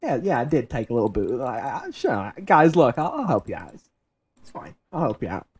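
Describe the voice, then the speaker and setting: A man's voice: mid-range voice, huge pitch swings, brisk, breathy edge. A man in his twenties streaming a game and telling a rambling anecdote in casual chat. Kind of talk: casual chat while gaming.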